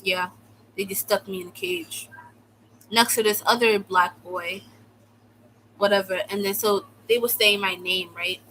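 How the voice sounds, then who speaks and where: Bright-voiced young woman ranting. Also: mid-range voice, steady tone, unhurried, pauses often, a little hiss or hum, rough recording. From United States. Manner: exaggerated, sarcastic, fills speech with "like". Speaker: vlogger telling a personal story. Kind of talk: casual storytime rant.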